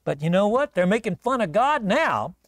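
A man's voice: sits high, big pitch swings, moderate pace, no echo. A man preaching a sermon, retelling a bible story in a casual, conversational way. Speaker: pastor.

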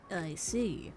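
A woman streaming a game, chatting playfully, joking at herself and laughing often. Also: darkish tone. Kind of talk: casual game-stream commentary.

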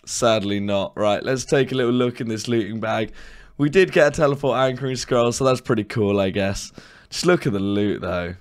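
A young man with a hoarse, worn voice, commenting excitedly on his own gameplay and cursing at his bad luck. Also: on the low side, moderate pace. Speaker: gaming video creator.

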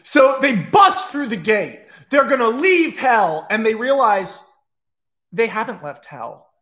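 On a livestream, a man casually pitches a movie plot, excitable and profane, racing through in bursts and restarting himself. He is also described as slow.

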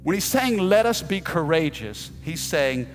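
Animated pastor in a reverberant church. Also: male voice, on the high side, measured pace, soft background music. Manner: animated storytelling, shouting out quoted lines. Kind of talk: sermon. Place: church sanctuary. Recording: long hall reverb.

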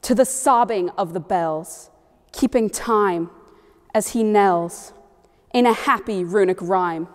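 A woman giving a solemn, steady poetry recitation as a stage performer. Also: mid-range voice. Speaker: student performer. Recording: long reverb of a hall.

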